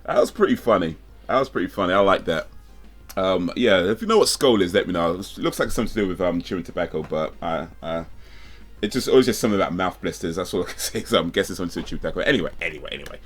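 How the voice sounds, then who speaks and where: Deep-voiced laid-back reaction host. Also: male voice, expressive, racing, faint music behind. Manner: laid-back, chuckling, rambling. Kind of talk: casual reaction commentary.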